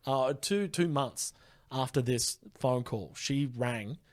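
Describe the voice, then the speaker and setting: A man's voice: medium pitch, slow pace. A man who is a comedian guest on a podcast, telling a story in casual chat with frequent laughs and swearing.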